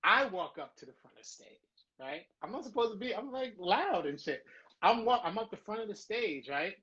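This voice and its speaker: Middle-aged guy from new york telling a wild story, kinda husky, bit muffled audio, cusses a lot. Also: high-pitched, lively intonation, moderate pace, sharp tone. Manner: profane, acts out scenes with quoted voices. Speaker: guest. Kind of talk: animated storytelling.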